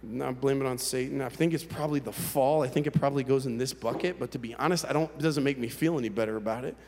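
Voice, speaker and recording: A man preaching to an audience in a large hall, his voice trailing off into a long reverb. He sits mid-range in pitch and talks in a candid, conversational way, often restarting his sentences as he tells his own story. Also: fast talker, a little mellow, slight background noise. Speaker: pastor. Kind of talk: personal testimony sermon.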